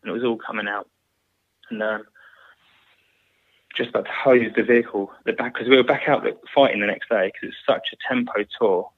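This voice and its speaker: A British man in his thirties, a former soldier, telling a war story in an interview in a halting, plain-spoken way with many restarts. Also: on the low side, fairly even intonation, no room sound. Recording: tinny phone-like line, dry.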